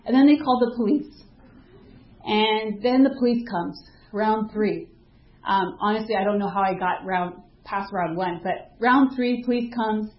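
A woman's voice: mid-range voice, a little slow, echoey room, dull audio. Woman telling a faith story. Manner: vivid storytelling, acting out quoted dialogue; casual, with frequent fillers like "like". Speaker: speaker sharing a personal testimony. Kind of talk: personal faith testimony told as a story.

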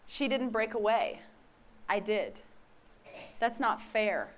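A woman's voice: medium pitch, sing-song, slow, a little hiss or hum. A woman in her forties giving a candid, self-mocking personal faith testimony. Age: 40s.

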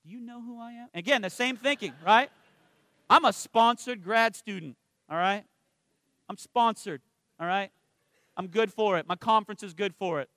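A male minister preaching a sermon in a conversational way. He tells personal stories, asks the congregation for responses, and slows down and softens on spiritual points. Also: high voice, no echo, studio quality.

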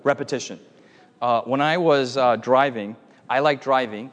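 A man preaching a lively sermon, telling a playful story and calling on the audience for amens. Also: medium pitch, normal speed, big-room sound. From United States.

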